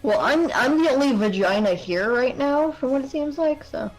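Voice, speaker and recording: A woman's voice: sits high, expressive, normal speed, low-quality recording. A woman from New England talks in a loose, joking way, swearing freely and poking fun at the others. She has been drinking and sounds it. Music runs faintly behind her. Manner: crude, joking, blunt. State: tipsy from drinking. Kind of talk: casual chat.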